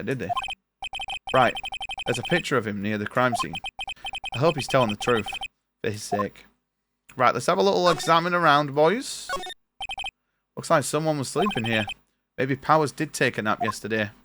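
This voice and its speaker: Young guy streaming a game, reads the text out in his own voice, lively pitch, noisy mic. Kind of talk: live game playthrough, reading dialogue aloud.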